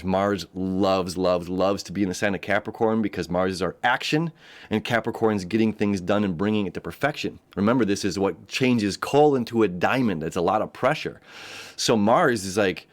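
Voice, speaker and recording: A man with a lowish voice talks through an astrology forecast in a loose, casual way. He often restarts his sentences and slips into animated voices when he quotes people. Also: moderate pace.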